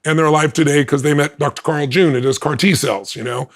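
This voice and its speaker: Speaking at a quick clip, a man appearing as an interview guest recounts something from his own life with great energy. When he quotes people, he acts their lines out, his pitch swinging dramatically.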